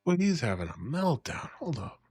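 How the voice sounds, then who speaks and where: A man's voice: fairly high pitch, very animated, moderate pace, a little mellow, slight background noise. A man casually reacting to a streamer's clip, with offhand, amused, muttering asides.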